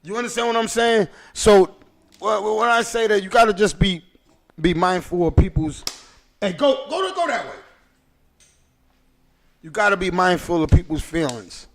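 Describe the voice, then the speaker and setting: Rambling, high gravelly man. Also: fairly even intonation, moderate pace. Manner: rambling, emphatic, profane. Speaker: podcast host. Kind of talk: casual chat.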